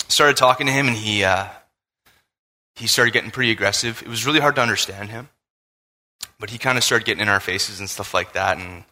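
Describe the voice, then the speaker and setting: Male preacher, bright and ringing voice, long hall reverb, casual storytelling sermon. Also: on the low side. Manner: casual, animated storytelling with laughs. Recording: long reverb of a large room.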